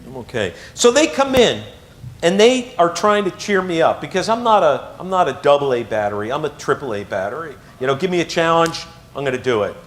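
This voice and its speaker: A man tells a personal story to a live audience. His delivery is animated and swings from hushed to excited. His voice sits fairly high and moves across a wide range. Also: a little fast, a little hiss or hum. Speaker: motivational speaker.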